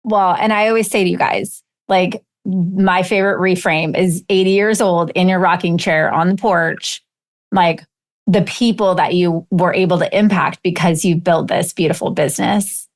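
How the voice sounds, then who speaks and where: A woman hosting a group coaching call, encouraging and animated, with a gravelly voice and many casual fillers. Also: on the low side, moderate pace. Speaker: host and leadership coach.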